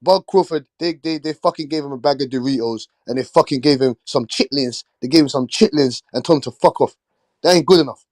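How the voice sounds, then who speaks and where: A man's voice: mid-range voice, a little fast, dry recording. A man hosting a boxing talk show, ranting in a heated, swearing, repetitive way. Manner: fired-up, swearing, repeating himself. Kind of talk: heated casual rant.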